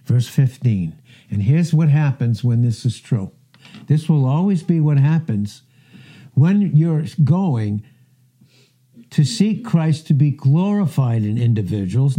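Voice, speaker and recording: Earnest middle-aged preacher with a dark, husky voice. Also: male voice. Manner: earnest, emphatic, rises in pitch when quoting scripture. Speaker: pastor. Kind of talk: sermon.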